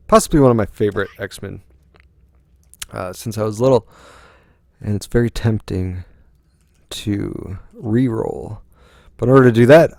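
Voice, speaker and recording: Gravelly, slow-talking gamer guy. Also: on the low side, darkish tone, dry recording. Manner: rambling, musing aloud with frequent ums. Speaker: let's play host. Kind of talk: gaming commentary.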